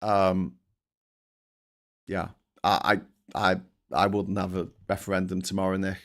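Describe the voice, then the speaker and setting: A man hosting a live stream, reading out viewer comments and ranting in an animated way with plenty of swearing. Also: low voice, a little slow. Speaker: host.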